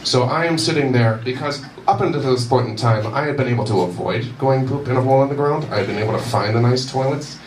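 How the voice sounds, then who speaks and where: A man's voice: mid-range voice, fast talker, hardly any pauses. A young man telling a rambling, self-deprecating stand-up story at a university comedy night. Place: university event room with audience. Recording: roomy echo, distant mic, audience noise.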